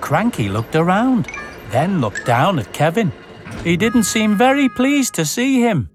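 A woman reading a children's storybook aloud in an expressive, animated way. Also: mid-range voice, unhurried, over music.

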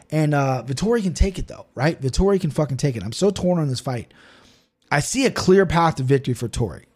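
A man hosting a podcast with a slightly raised voice, talking fast and loose. He rambles from point to point and swears freely in casual chat. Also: fairly high pitch, a little mellow. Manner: profane, rambling, quick-talking. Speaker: podcast host.

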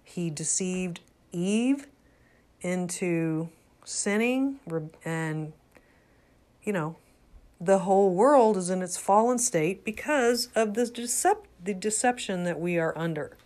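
An older woman giving an earnest, unscripted religious talk, halting with frequent restarts. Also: lowish voice, lively intonation, a little mellow. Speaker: religious commentator.

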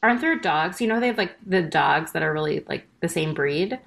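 A woman's voice: low voice, animated, fairly quick, gravelly, a bit bright. Chatty exasperated woman recapping. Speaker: podcast co-host. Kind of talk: casual chat.

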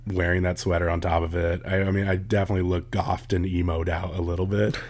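A man's voice: low voice, quick pace. A young man co-hosting a podcast, telling stories casually, laughing often and acting out quotes, sounding tired. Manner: laughs often, animated storytelling with voiced quotes. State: tired, drowsy. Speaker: podcast co-host.

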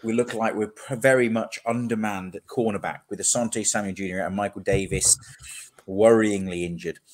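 A man's voice: lowish voice, fairly even intonation, moderate pace. A man hosting a casual sports podcast. He talks with energy and steers the discussion. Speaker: podcast host.

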